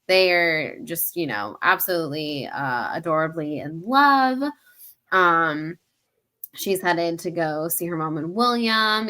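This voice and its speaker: A woman chats casually on a podcast, filling her talk with "like" as she retells scenes and reads bits of a book aloud. Her voice is bright and sits a little low, with a forward edge. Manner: chatty, many "like"s, reads quotes aloud. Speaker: podcast co-host. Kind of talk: casual book-recap chat.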